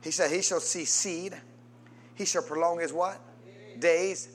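A man preaching a sermon as pastor, prompting the congregation to answer and swinging between loud emphatic calls and low quiet asides. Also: fairly even intonation, a little slow.

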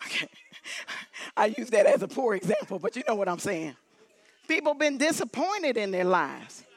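A woman preaching a lively sermon in church, repeating emphatic exhortations to her congregation. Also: a little high. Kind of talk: lively sermon with holy laughter. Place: church sanctuary.

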